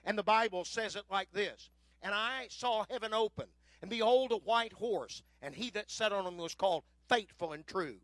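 A man preaching a sermon with emphatic delivery, rising and falling in loudness and slowing into scripture readings. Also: high voice, no echo, poor audio.

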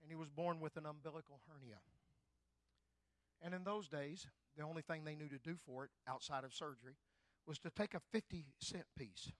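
An older man preaching a sermon, fervent and swelling loud on key phrases. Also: a little high, brisk, no echo. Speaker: pastor.

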